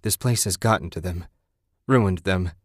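A man's voice: low voice, measured pace, no echo, clean studio sound. A man voicing a desperate husband who hollers and pants as he fights. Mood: urgent. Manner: hollering, panting.

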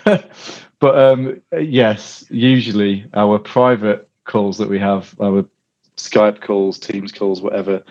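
A man's voice: on the low side, steady tone, slow, a little mellow. A man hosting a podcast in casual chat, rambling and laughing easily. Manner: chatty, rambling, laughs often. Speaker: podcast host. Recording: dull lo-fi audio.

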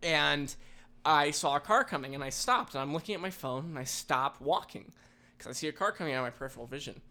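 A man co-hosting a casual podcast, telling a story with lively acted-out quotes. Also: on the high side, fast talker. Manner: animated, acts out quoted people in raised voices. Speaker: podcast co-host.

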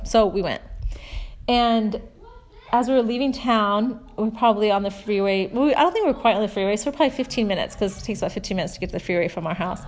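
A woman in her forties, a mother talking through a faith story and scripture lessons in a chatty, earnest way, softer when she reads verses. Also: mid-range voice. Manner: chatty storytelling, warm earnest asides with soft laughs. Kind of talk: casual religious talk.

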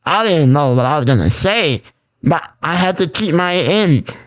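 A man's voice: fairly high pitch, animated, normal speed, fairly bright tone. A man hosting a raw, unscripted solo podcast, rambling and repeating himself with lots of fillers and restarts. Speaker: podcast host.

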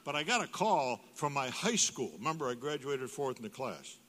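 A man's voice: medium pitch, very animated, normal speed, fairly bright tone. An older man preaching as a guest speaker, telling humorous stories and acting out dialogue with big jumps in his voice. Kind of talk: humorous sermon storytelling. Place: church sanctuary. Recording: reverberant church hall.

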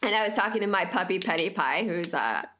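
Bright, giggly woman podcast host. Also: lowish voice, brisk. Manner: giggly, expressive, playful. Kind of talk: casual chat.

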